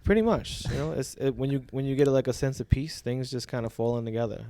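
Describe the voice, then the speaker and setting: A man talks in an easy, unhurried way. He tells his story reflectively and fills his sentences with casual fillers. His pitch sits in an ordinary middle range. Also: warm tone. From Brooklyn, New York. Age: 40s. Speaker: teacher, podcast guest. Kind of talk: casual conversational interview.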